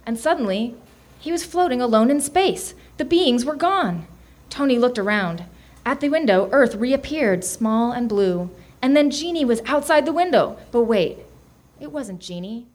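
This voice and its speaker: A woman comedian reading an absurd comic story aloud with deadpan delivery in a small comedy showroom. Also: fairly high pitch, moderate pace. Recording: noisy live venue recording.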